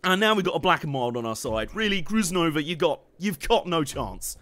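A young man giving casual, excitable gameplay commentary, laughing, swearing and humming along as he plays. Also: on the high side, brisk, no echo. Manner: excitable, laughing, swearing, hums tunes while playing. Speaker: game streamer.

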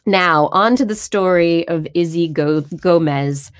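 A woman's voice: fairly low pitch, unhurried, hardly any pauses, smooth, no echo, clean studio sound. A woman hosting a live story time, reading a book aloud and chatting with viewers, with small stumbles. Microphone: phone or computer streaming live.

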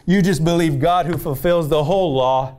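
Guy preaching at church, fairly high voice, keeps calling for amens, stumbles and restarts a lot. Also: moderate pace, a little mellow. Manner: call-and-response preaching, keeps asking the congregation "amen?"; storytelling with repeated restarts. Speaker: pastor. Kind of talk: sermon. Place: church service.

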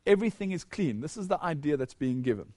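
High-pitched guy teaching bible verses, asks the room stuff then answers it, dry sound. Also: lively intonation, quick pace, a little mellow, dry recording. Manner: leads the audience through verses, asks questions, then answers them. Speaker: Bible lecturer.

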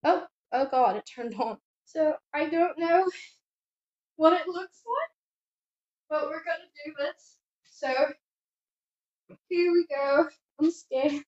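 A young-sounding woman with a high voice vlogs from a bike outdoors. She is jittery and keeps blurting out exclamations. The audio is muffled and lo-fi, picked up by a phone tied to the bike. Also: takes it slowly, pauses often, darkish tone, no echo. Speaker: cosplay vlogger. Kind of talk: casual vlog while riding a bike. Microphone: phone strapped to the bike.

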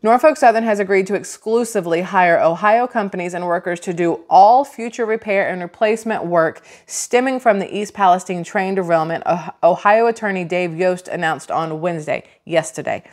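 A woman's voice: on the low side, normal speed, hardly any pauses. A woman, giving casual vlog commentary in a chatty, sarcastic, rambling way full of restarts. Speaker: vlogger.

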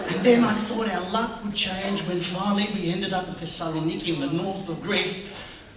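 A middle-aged man from Australia tells crude comic stories on stage. He swings from loud, brash bursts to muttered asides. The mic sits back in a roomy hall, and a big audience laughs clearly behind him. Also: sits high, steady tone, moderate pace, far from the mic, over a noisy crowd, heavy background noise. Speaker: stand-up comedian. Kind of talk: stand-up comedy set. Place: theatre stage before a live audience.

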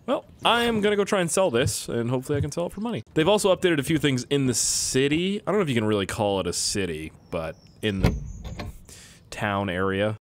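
Young Canadian guy, animated let's-play commentary, noisy background. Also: mid-range voice, brisk. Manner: chatty, joking, self-mocking asides. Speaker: gaming YouTuber.

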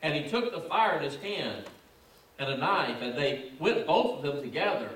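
A man with a fairly high, slightly bright voice preaches a sermon at normal speed, his pitch swinging widely as he reads scripture and builds to emphatic, repetitive exhortation with rising fervor. The recording sounds echoey, with the mic placed at a distance.

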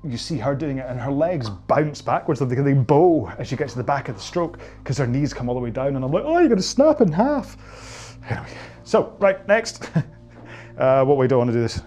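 A man's voice: medium pitch, a little fast, darkish tone, soft background music. Chatty Scottish man coaching stretches. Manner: chatty, joking and self-mocking. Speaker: indoor rowing coach. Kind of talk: guided stretching class, casual chat.

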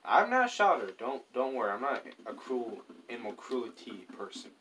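Playing a survival game, this YouTuber keeps up loose, rambling commentary to himself, dropping offhand stories along the way. His mid-range voice swings widely in pitch, sounding bright and forceful at normal speed. The mic is far away and picks up slight background noise.

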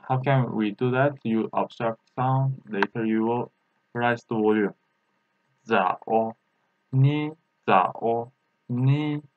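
A Turkish native speaker teaches a language lesson in a halting way, full of fillers, slowly repeating sounds for practice. His medium-pitched voice comes through a dry recording with narrow, tinny audio.

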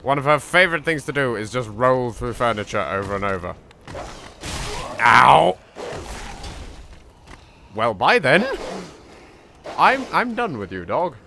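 An animated English let's play host narrates his gameplay in a theatrical, jokey way, swinging between hushed asides and loud outbursts. His mid-range voice is at normal speed, with a little hiss or hum in the recording.

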